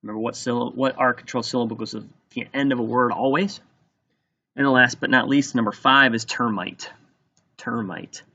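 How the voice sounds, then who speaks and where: A man teaching, dictating a spelling test and slowly sounding words out letter by letter. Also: medium pitch, fairly even intonation, pushed and bright, breathy edge, lo-fi sound.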